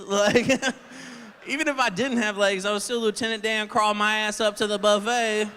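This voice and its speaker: High bright-voiced man doing stand-up. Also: fairly even intonation, normal speed, clear, resonant tone. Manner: loose, swearing, acts out voices in his stories. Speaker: stand-up comedian. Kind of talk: stand-up comedy set. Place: large theater stage. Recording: live theater with long reverb.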